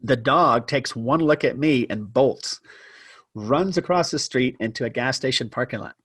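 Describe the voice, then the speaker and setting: A man telling a personal story as a podcast guest, animated and self-deprecating, shifting his pace for effect. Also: mid-range voice, moderate pace, slightly rough, no room sound, studio quality. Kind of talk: casual storytelling interview.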